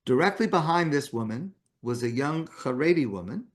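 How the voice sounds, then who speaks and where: Higher-voiced rabbi telling a story. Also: male voice, lively intonation, moderate pace. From Canada. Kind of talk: morning talk with storytelling.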